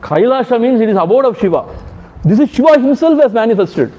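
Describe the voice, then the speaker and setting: A man's voice: extremely high pitch, animated, quick pace, warm tone. A man with an Indian accent gives a devotional discourse as a swami. He chants verses and repeats key phrases with emphasis, chuckling between points. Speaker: swami giving a spiritual discourse. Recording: dull lo-fi recording.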